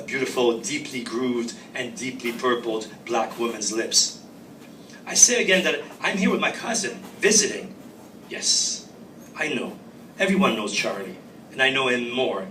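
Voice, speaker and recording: Male author reading aloud, wry, bright tone, roomy room, distant mic. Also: mid-range voice, slight background noise. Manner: wry, reflective, first-person narration. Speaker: author reading his fiction. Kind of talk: live literary reading. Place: reading venue.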